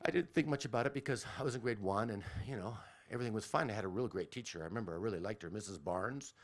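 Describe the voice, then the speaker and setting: A man's voice: lowish voice, racing. A man telling a childhood story on the radio in a rambling way, often backtracking and interrupting himself.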